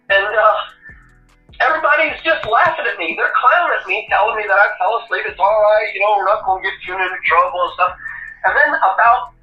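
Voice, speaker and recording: A man in his fifties, a retired Navy corpsman and podcast guest, telling an animated, profane story and laughing at himself. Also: high voice, reverberant, recorded from a distance, muffled recording. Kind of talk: casual interview storytelling.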